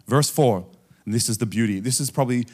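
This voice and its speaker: A man with an Australian accent preaching a sermon on stage, moving between soft, chuckling asides and loud, emphatic points. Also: mid-range voice, fast. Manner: animated, swinging from soft asides to loud emphasis, often laughing. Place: on stage before a congregation.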